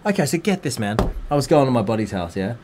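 An Australian man co-hosts a relaxed chat, spinning anecdotes. His pitch leaps and dips all over the place, and he breaks into shouts when he gets worked up. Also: fast, background noise. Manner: animated storyteller, swings into loud outbursts. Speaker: co-host. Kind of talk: casual chat.

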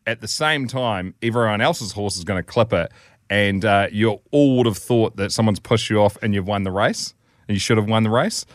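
A man co-hosting a podcast, telling stories casually, swearing freely and acting out quotes in loud, high voices. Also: moderate pace, no room sound, clean studio sound. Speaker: podcast co-host. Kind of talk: casual storytelling chat.

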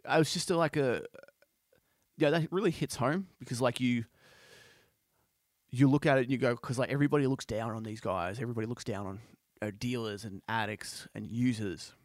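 Talking a little fast in a mid-range voice, a podcast host recounts a story he heard in a rambling, casual way full of "you know" and "like." The recording is dry and clean, from a studio.

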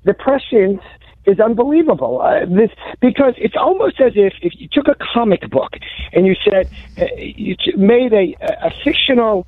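A man's voice: high voice, lively intonation, normal speed, no echo. A man calling into a radio show as a guest, giving articulate, sardonic political commentary that he builds step by step. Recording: tinny phone-line call.

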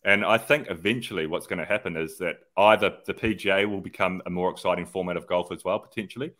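A very deep-voiced man co-hosting a podcast. He talks in a laid-back, rambling way and swears freely. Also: fairly even intonation, quick pace, a bit bright. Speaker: podcast co-host. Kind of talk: casual chat.

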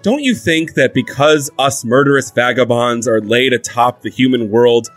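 A man's voice: mid-range voice, normal speed, no echo, soft background music, lightly acted. Guy doing a jittery young interviewer, polite, stumbles on words, dry close mic. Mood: earnest. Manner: polite, stammering, easily rattled. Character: nervous young male interviewer of magical folk. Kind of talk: comedic audio drama interview.

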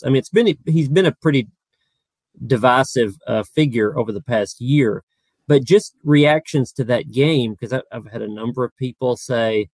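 Man, co-host, gravelly voice, casual talk, dry mic. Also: medium pitch, darkish tone, dry recording. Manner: chatty, quick, with fillers. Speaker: podcast co-host. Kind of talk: casual sports podcast discussion.

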